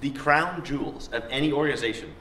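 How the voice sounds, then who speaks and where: Fast-talking man on a panel. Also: medium pitch. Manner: animated storyteller, quick and lively. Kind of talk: conversational panel talk. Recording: echoey room, distant mic, faint noise.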